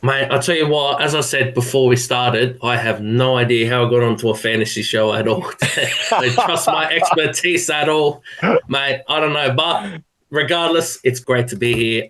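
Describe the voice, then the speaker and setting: A young Australian man talks as a podcast guest in a laid-back, modest way, joking at his own expense. His voice sits at an ordinary middle pitch. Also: moderate pace, a bit bright. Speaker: guest, amateur gridiron player. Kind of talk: casual podcast chat.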